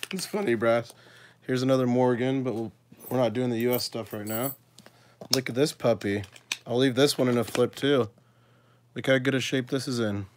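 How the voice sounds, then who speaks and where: A man hosting a casual coin-collecting video, chatting to his viewers and thinking aloud as he sorts, with excited little exclamations. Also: mid-range voice, normal speed, long pauses, slight background noise. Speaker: coin collecting channel host. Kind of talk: casual live coin sorting chat.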